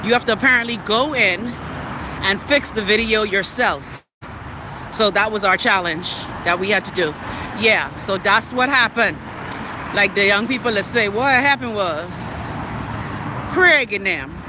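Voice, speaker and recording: A woman's voice: medium pitch, moderate pace. A Bahamian woman chatting casually and playfully to her viewers while walking a city street. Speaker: vlogger. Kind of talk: casual live-stream chat while walking. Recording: street traffic noise behind. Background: traffic noise.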